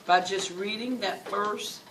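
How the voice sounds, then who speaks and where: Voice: medium pitch, steady tone, slow pace. A teacher leading a classroom reading lesson, patiently repeating questions and key words for the students. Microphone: far from the mic. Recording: distant, noisy classroom recording.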